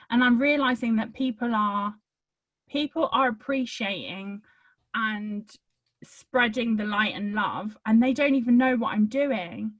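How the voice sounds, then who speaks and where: A woman's voice: mid-range voice, no echo. Hesitant, earnest woman on a call. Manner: hesitant, earnest, self-conscious laughs. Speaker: caller on coaching call. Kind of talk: casual chat.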